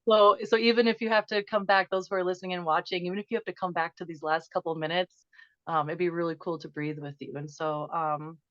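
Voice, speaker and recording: A middle-aged woman guest speaking earnestly and emotionally in quick bursts, then slowly guiding a breathing exercise. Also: lowish voice, steady tone, fairly bright tone, no echo, muffled recording. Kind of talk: conversational interview, guided breathing.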